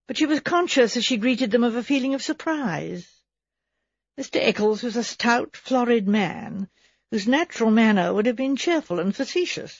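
A woman reads a mystery audiobook in a measured, quiet way with a slightly husky voice. The recording is dry and close, with a dull, lo-fi edge. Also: mid-range voice, no echo. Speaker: audiobook narrator. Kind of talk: scripted audiobook narration.

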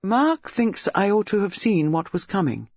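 A man voicing an anxious, apologetic middle-aged woman who speaks softly, in a dull lo-fi recording. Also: high voice, very animated, moderate pace, no room sound, voice pushed up, exaggerated voice. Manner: soft, apologetic.

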